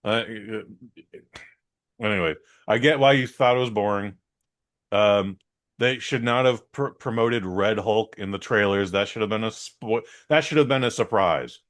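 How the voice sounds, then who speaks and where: A man trades stories on a casual podcast. His voice sits somewhat low, and he tells anecdotes with animated energy and plenty of cursing. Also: measured pace. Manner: animated storyteller, swears freely, acts out quotes. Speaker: podcast co-host. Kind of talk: casual chat.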